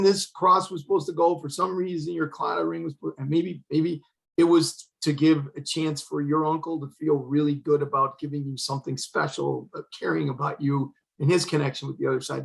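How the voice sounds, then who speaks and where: A man's voice: a little high, creaky, rough recording. An older man, a retired fire chief, telling a personal story as an interview guest, earnest and acting out the dialogue he quotes. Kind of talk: emotional storytelling in conversation.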